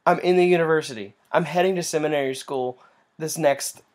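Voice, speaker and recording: A young man getting over a cold, giving an earnest, halting personal faith testimony with many restarts. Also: a little high. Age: young adult.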